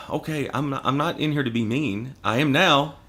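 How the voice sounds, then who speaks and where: A man's voice: mid-range voice, normal speed, bright, forceful tone, slightly rough. A man telling stories as a podcast guest, sarcastic and profane, often breaking into laughter. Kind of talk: casual podcast storytelling.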